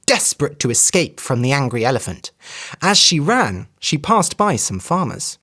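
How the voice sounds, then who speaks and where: An English teacher reading a children's story aloud for learners, clear and expressive. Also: medium pitch, a little slow.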